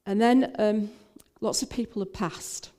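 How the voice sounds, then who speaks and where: Older woman telling a story, mellow voice. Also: mid-range voice, steady tone, unhurried. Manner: warm storytelling with many fillers and restarts. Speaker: minister. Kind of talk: personal testimony talk.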